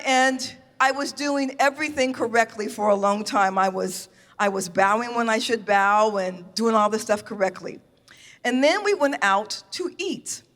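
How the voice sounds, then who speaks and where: A woman from the United States telling a true story live on stage, animated, laughing and acting out her own reactions. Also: fairly high pitch, big-room sound. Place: stage in a venue.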